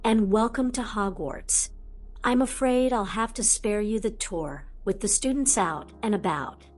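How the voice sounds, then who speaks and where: Storybook old headmaster, formal and measured, calm but stern, read by a woman narrator. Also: mid-range voice, natural voice. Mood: welcoming.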